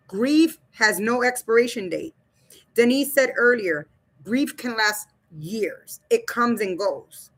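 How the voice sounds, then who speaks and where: Her voice a little high and fairly bright, a woman runs a casual livestream where she reads viewer comments aloud and speaks straight to her chat. She's blunt and loose about it, laughing and swearing as she goes.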